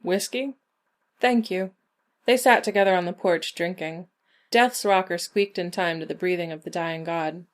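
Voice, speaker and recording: A woman narrating a short story in a measured, even reading. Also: on the low side. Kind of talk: scripted narration.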